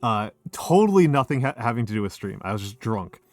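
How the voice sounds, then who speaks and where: Soft music plays faintly behind this streamer, a middle-aged man with a lowish, very animated voice who talks a little fast in a dry, echo-free recording. Hosting a laid-back drinking stream at home, he wanders from point to point, curses freely, and interrupts himself constantly.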